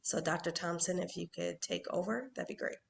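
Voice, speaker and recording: A woman opens an online panel over a video call with loose, friendly phrasing. Her voice sits a bit low for a woman. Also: fairly quick, creaky. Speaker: event host. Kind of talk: casual event introduction.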